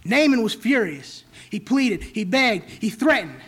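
Very high-voiced emphatic male preacher. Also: big pitch swings, measured pace, fairly bright tone, slightly rough. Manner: emphatic, repetitive rhetorical preaching. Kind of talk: sermon.

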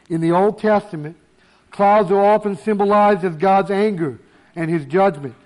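A man preaching a sermon, emphatic, slowing down to stress key words. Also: high voice, darkish tone.

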